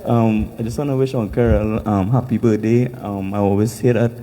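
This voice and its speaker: A man's voice: on the low side, fairly even intonation, fairly quick, dark tone. A man giving hesitant birthday wishes to a family friend at a temple gathering, with many ums.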